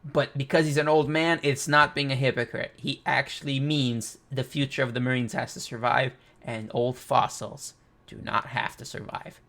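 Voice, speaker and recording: A man hosting a casual comic reaction, reading panels aloud and thinking out loud with excitement. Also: mid-range voice, moderate pace, gravelly. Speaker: manga reaction host.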